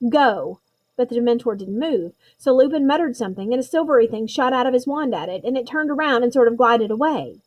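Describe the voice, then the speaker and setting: A woman's voice: fairly high pitch, animated, a little fast, darkish tone, low-quality recording. Woman playing a worried clever teen girl, earnest, explains stuff. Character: anxious bright teenage girl, Hermione.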